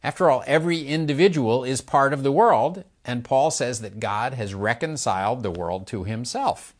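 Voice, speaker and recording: An older man preaching a sermon, explaining slowly and asking the listeners questions as he illustrates with his hands. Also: medium pitch, expressive.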